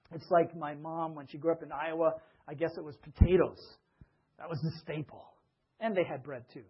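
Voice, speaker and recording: Husky-voiced man preaching a sermon. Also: a little high, lo-fi sound. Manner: conversational, asks listeners questions. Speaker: pastor.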